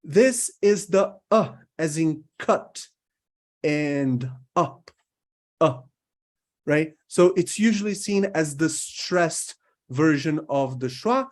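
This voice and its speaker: Speaking slowly and expressively in a fairly high voice, a man from Brazil gives a recorded lesson on English pronunciation. He holds vowel sounds to demonstrate them and frequently asks "right?" to check in with listeners.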